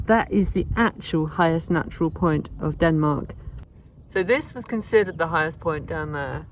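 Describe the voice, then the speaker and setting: Walking through the countryside outdoors, a woman travel vlogger narrates her casual vlog in a lowish voice. She's chatty, wry, and easily amused, and there's a little hiss or hum on the recording.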